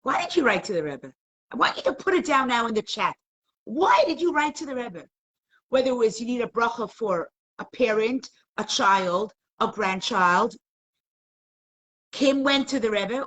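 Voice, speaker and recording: A middle-aged woman leads a live online class over her computer mic. Her husky voice swings up and down in pitch as she tells a story. She turns emotional and keeps pressing the viewers with questions. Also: expressive, moderate pace, a bit bright. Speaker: Torah class teacher.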